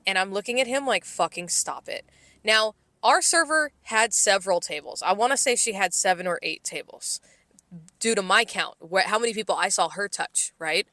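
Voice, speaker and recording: A woman's voice: medium pitch, normal speed, bright, forceful tone, no room sound. A woman co-hosting a podcast, telling a story in a casual, exasperated and profane way. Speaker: podcast co-host.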